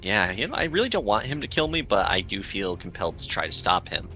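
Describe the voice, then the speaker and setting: Man, tabletop player, low bright voice, hesitant, stammering, faint music behind. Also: big pitch swings, quick pace, muffled recording. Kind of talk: tabletop game chat.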